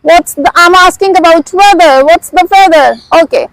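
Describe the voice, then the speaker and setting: A woman teaching words in a slow, repetitive lesson, saying each word over and over and praising the learner. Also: extremely high pitch, no room sound, low-quality recording. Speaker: language teacher.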